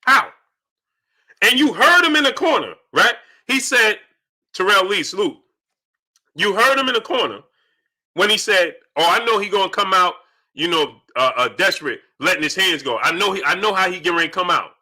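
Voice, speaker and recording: A man hosting a live-stream boxing talk show from home, greeting viewers in chat and loudly acting out his own shouting at the screen. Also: high voice, sing-song, normal speed. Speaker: boxing channel host.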